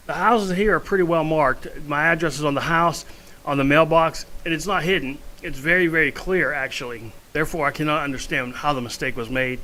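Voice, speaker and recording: A blunt, opinionated man talking straight into the mic in a casual home vlog. His voice sits a touch high and sounds bright and forceful. A faint hum of room noise runs underneath. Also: low-quality recording. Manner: blunt, opinionated, rambling asides. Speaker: vlogger.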